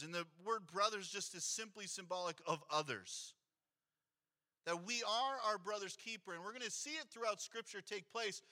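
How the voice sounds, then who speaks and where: A man's voice: sits high, bright, forceful tone. A man, a pastor, preaching a sermon in a conversational way, reading scripture aloud and adding rhetorical asides to his congregation.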